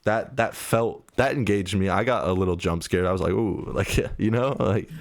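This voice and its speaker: A man's voice: low-pitched, normal speed, dry recording, clean studio sound. A man hosting a reaction video, talking casually in a hesitant, mild, somewhat defensive way.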